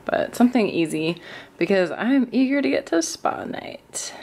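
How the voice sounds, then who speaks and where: A young woman chatting casually to camera in her bedroom, gushing and excited, with frequent gasps and little laughs. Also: medium pitch, measured pace, vocal fry. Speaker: lifestyle vlogger. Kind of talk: casual vlog chat. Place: home bedroom.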